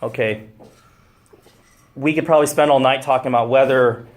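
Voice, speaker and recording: Excitable deacon in an echoey room. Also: male voice, mid-range voice, normal speed. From United States. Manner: excitable, loud bursts, many fillers and restarts. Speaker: deacon giving a talk. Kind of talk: lively public talk. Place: restaurant event room.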